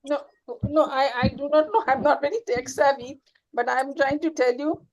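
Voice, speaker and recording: A woman's voice: high voice, steady tone, normal speed, darkish tone, muffled recording. A woman, a student on a video call, pressing her teacher with persistent questions.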